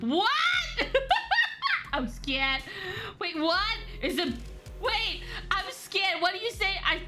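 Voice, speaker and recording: Bright, excitable young woman streamer. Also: a little high. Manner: excitable, shrieking laughter, swearing. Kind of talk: reactive gameplay commentary.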